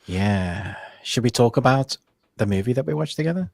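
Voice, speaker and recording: A man's voice: medium pitch, animated, moderate pace, creaky, a little mellow, no echo. A man from the UK co-hosting a live movie chat, playfully contrary and opinionated. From United Kingdom. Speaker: movie podcast co-host.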